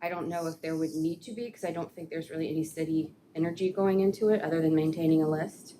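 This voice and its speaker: A city staff woman explains an ordinance to a committee, her voice sitting very low. She talks haltingly with frequent fillers and restarts. A steady room hum runs clearly behind her. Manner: hesitant, many fillers and restarts. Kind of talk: committee meeting briefing.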